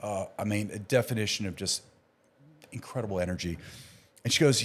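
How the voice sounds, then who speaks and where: Low-voiced man telling animated stories. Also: fairly quick, breathy edge. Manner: animated storyteller, acts out quoted dialogue. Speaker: emergency physician guest. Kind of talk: casual storytelling interview.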